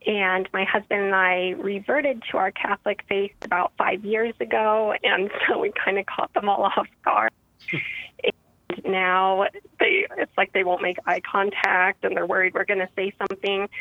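A woman's voice: mid-range voice, no room sound. Woman, radio caller, hesitant, earnest, tinny phone line, dry. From Spokane, Washington. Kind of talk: call-in question.

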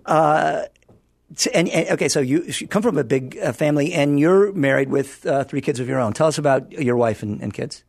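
Gravelly-voiced male radio host. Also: on the high side, moderate pace, no echo, clean studio sound. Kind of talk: interview chat.

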